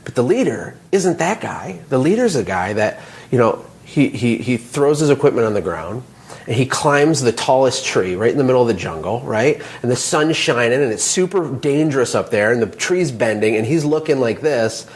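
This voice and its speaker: A man's voice: medium pitch, normal speed. Motivational businessman telling stories. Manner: animated, motivational storytelling. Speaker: guest, small business owner and coach. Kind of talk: casual interview talk.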